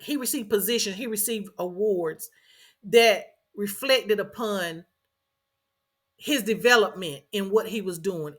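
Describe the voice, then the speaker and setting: A woman's voice: mid-range voice, fairly bright tone. A middle-aged woman, earnestly telling a personal story as a podcast host and repeating phrases for emphasis.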